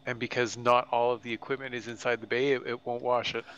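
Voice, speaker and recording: A man chatting casually on a game stream, telling lively stories and giving gameplay advice. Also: mid-range voice, fast talker, clean tone, lo-fi sound. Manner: animated storytelling, gives gameplay advice. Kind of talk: casual chat.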